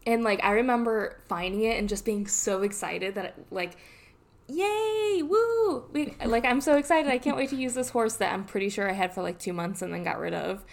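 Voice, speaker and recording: Young woman podcast co-host with gravelly fry. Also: mid-range voice, fairly quick, few pauses. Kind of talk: casual chat.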